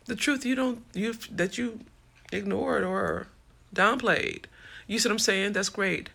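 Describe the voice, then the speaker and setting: A woman talking straight to her live-stream audience, tired but impassioned, dropping swear words as she goes. Her voice has a gravelly edge over a bright, forward tone. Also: medium pitch, a little slow. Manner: impassioned, swearing, talks to viewers as y'all. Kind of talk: casual live-stream chat reading comments.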